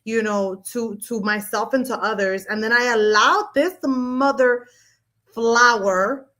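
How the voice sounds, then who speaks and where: A woman co-hosting a podcast, telling personal stories in a blunt, animated way with casual swearing. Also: a little high, a little slow. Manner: blunt, profane, animated storyteller. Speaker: podcast co-host. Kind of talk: candid casual chat.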